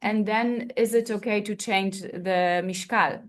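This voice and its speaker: A woman's voice: medium pitch, fairly even intonation, a little slow. A woman in the audience asking the lecturer a question, searching for her words. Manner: searching, hesitant phrasing. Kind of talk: conference Q&A.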